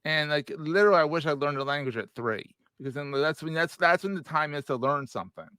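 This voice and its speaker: A man's voice: a little high, fast, sharp tone, smooth, no echo. A man in his forties hosting a podcast interview in a joking, casual way, laughing often. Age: 40s. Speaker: podcast host.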